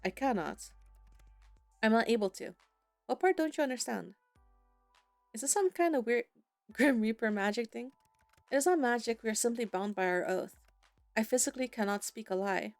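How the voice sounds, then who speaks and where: A woman's voice: a little high, expressive, normal speed, long pauses, no echo, faint music behind. A woman reading as a stiff, formal Grim Reaper. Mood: matter-of-fact. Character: aloof male Grim Reaper, formal and dry.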